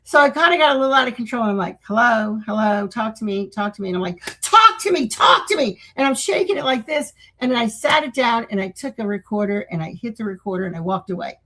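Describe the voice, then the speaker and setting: A middle-aged woman talks casually as co-host, spinning a story. She's animated, laughs often, and slips into voices when she quotes herself. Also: a little high, quick pace, few pauses, rough recording. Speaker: podcast co-host.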